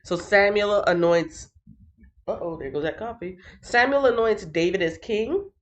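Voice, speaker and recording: A woman's voice: medium pitch, measured pace. A woman hosting a casual Bible reading livestream from her phone, greeting viewers by name and recapping chapters playfully. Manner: playful, reads chat comments aloud, sings and laughs.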